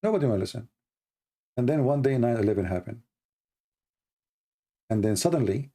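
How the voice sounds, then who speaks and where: A livestream host delivers a casual spoken monologue in non-native English with lots of broken grammar, using a gravelly, dark voice with lively intonation at a fairly quick pace. He talks emphatically, repeats words and says "you know" a lot, and his voice gets hotter and higher-pitched when he mocks his critics.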